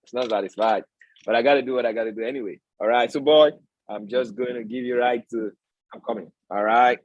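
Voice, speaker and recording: Husky-voiced man teaching a live market lesson. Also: medium pitch, fairly even intonation, a little fast, dry recording, lo-fi sound. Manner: preachy, repeats tag questions like "all right?"; asks the audience rhetorical questions. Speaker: trading educator and stream host.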